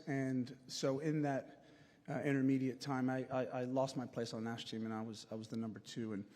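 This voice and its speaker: A man's voice: mid-range voice, darkish tone. Man giving a speech in an echoing hall. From United States. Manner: earnest, with frequent fillers and restarts. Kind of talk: prepared acceptance speech. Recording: long reverb of a large hall.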